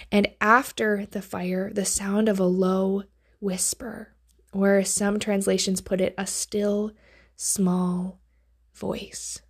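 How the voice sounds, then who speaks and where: A woman hosting a devotional podcast, reading and teaching from the Bible in an earnest way. She often drops to a hushed near-whisper on key phrases. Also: mid-range voice.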